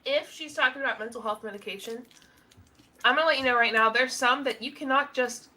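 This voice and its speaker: A woman's voice: fairly high pitch, brisk, sharp tone. A woman co-hosting a casual reaction commentary, blunt, outspoken and joking. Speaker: co-host.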